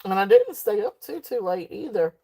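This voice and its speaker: A woman's voice: mid-range voice, sing-song, moderate pace, warm tone. A woman hosting a live jewelry sale stream, chatting casually in a rambling way with frequent laughter. She sounds sleepy and keeps yawning.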